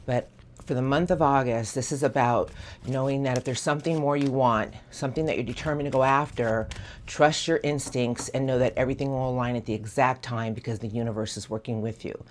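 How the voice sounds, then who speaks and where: Earnest tarot reader, mid-pitched. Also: slight background noise. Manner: earnest, encouraging, speaks to an unseen source. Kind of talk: tarot reading.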